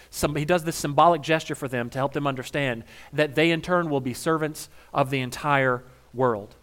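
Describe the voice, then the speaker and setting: A male pastor preaching a sermon in a conversational, wry way, retelling scenes with humor and swinging between quiet and emphatic moments. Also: fairly high pitch.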